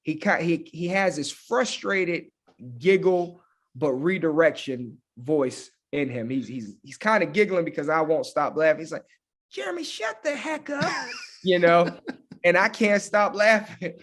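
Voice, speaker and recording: Male guest, football coach, animated storyteller, slightly raised pitch. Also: measured pace. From Hampton, Virginia. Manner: animated, laughing, with lots of fillers like "man" and "you know". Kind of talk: casual storytelling.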